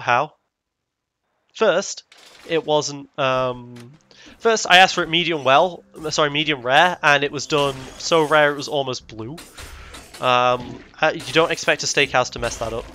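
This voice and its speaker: A young man rambles through a casual travel vlog, often stopping to correct himself and grumble. His voice sits a bit high with a bright, forward tone. Faint music plays softly behind him. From Britain. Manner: rambling, self-correcting, indignant asides. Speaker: vlogger.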